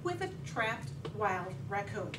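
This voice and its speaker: A middle-aged woman giving a humorous contest speech, telling a lively story with laughing asides. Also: mid-range voice, takes it slowly. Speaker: contest speaker. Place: meeting hall with audience. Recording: echoey hall, distant mic, background noise.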